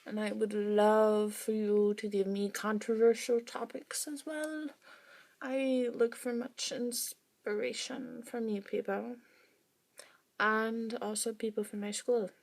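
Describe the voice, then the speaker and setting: A woman's voice: fairly high pitch, flat delivery, takes it slowly, gravelly, a little mellow. A woman vlogger talking casually to her viewers, rambling with wry asides. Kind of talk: casual monologue to camera.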